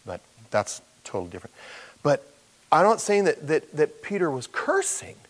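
Speaking at a moderate pace in a slightly high voice, this middle-aged pastor delivers a sermon to his flock. He stays animated, playing out each character in the story.

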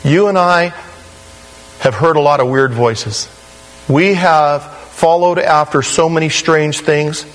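A man preaching a sermon in a conversational, animated way, with sudden rises in pitch. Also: slow pace, low-quality recording. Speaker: pastor.

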